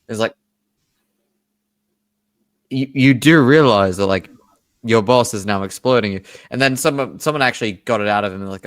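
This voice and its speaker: A man's voice: fairly low pitch, normal speed, pauses often, clear, resonant tone, no room sound. A man co-hosting a casual political chat, wry and prone to swearing and trailing off. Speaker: podcast co-host.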